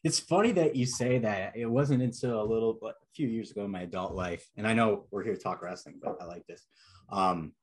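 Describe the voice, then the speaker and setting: A chatty man from Wisconsin hosts a casual podcast interview in a husky, breathy voice. He sits a bit low in pitch and rambles along with an easy, jokey manner. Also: a little fast, darkish tone. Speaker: podcast host.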